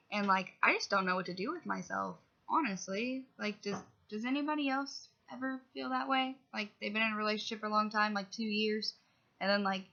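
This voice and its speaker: A woman's voice: mid-range voice, creaky, fairly bright tone, lo-fi sound. A young woman talking casually to camera in a personal vlog, rambling and chatty with lots of "like". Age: young adult. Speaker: vlogger.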